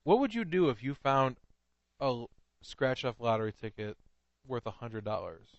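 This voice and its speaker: A man co-hosting a comedy podcast in casual chat, laughing often and getting excited. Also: mid-range voice, moderate pace, no room sound, dull audio. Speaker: podcast co-host.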